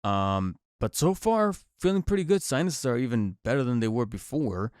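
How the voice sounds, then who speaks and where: In casual solo podcast talk, the male host speaks at a medium pitch with lively intonation, a moderate pace and a darkish tone. A cold makes him somewhat nasal and congested, and he rambles with frequent fillers and restarts. It's a dry, studio-quality recording.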